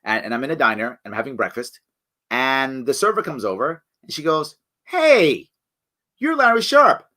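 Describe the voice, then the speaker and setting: A man hosts a live talk show, answering viewer comments emphatically in a sharp, mid-range voice that moves a little fast. He tags many points with "right?" and often restarts his sentences.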